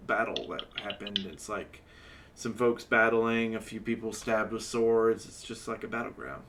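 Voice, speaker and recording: A man's voice: on the low side, fairly even intonation, moderate pace, a bit bright, slight background noise. A man narrating as dungeon master in a loose, rambling way, full of fillers and self-corrections. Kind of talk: improvised tabletop game narration.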